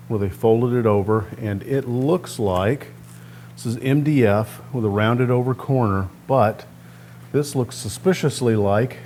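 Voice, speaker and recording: This is a relaxed, plainspoken how-to from the host of a guitar restoration channel, who explains each step of a hands-on project while working in his workshop. He speaks at a medium pitch, and there's slight hiss or hum in the audio.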